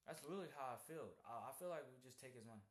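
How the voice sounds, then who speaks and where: A man's voice: medium pitch, animated, rapid-fire. A young man chatting casually on a call and telling stories with heavy slang and swearing. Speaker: trading streamer. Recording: echoey room.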